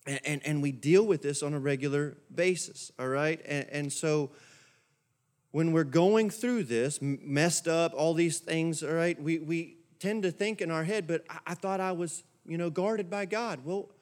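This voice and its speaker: High-voiced man preaching a sermon. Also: a little slow, a little mellow. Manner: conversational preaching, repeats phrases, asks the congregation questions. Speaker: pastor. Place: church.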